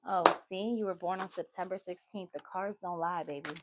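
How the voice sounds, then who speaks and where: A woman's voice: fairly low pitch, fairly quick, heavy background noise. A woman giving a casual tarot reading on a livestream, chatty and easily sidetracked, with motherly asides. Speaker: tarot reader.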